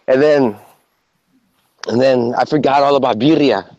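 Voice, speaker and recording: A man on a podcast telling stories in casual chat, animated and swearing a lot. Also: mid-range voice, normal speed, no echo. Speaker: podcast co-host. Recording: muffled lo-fi recording with faint noise.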